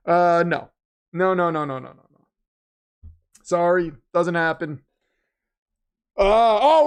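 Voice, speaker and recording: A man hosting a casual livestream and reading viewer messages, talkative, keyed up and nervous, swinging from loud to quiet. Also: high voice. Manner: excitable, talkative, jumps between loud and quiet. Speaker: livestream host reading super chats.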